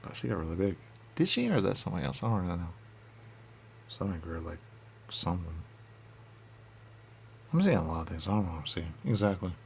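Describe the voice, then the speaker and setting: A man rambling in a goofy comic back-and-forth with himself, answering his own questions and dropping into hushed asides. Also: low-pitched, very animated, fast, creaky, pauses often, a little hiss or hum. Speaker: radio show personality.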